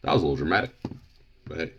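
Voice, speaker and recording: A man's voice: rumbling low, very animated, rapid-fire, creaky, muffled recording, slight background noise. A man giving casual, joking commentary while playing a video game. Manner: offhand, joking asides. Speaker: gaming channel host. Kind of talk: casual let's play commentary.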